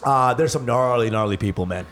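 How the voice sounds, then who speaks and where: A man's voice: medium pitch, a little fast, a little hiss or hum. Blunt crude male comic. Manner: blunt, crude, deadpan one-liners. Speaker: comedian co-host. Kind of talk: casual podcast banter.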